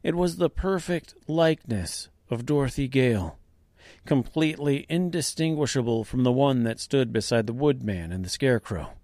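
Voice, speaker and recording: A man narrating a dark fantasy audiobook serial, reading slowly and deliberately. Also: medium pitch, animated, no room sound, studio quality. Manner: slow, deliberate reading with quiet voiced dialogue.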